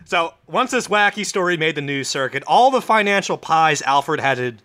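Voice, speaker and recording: A man co-hosting a comedy podcast, telling a story in a loose, profane, drawn-out way. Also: on the high side, animated, bright, forceful tone, dry recording.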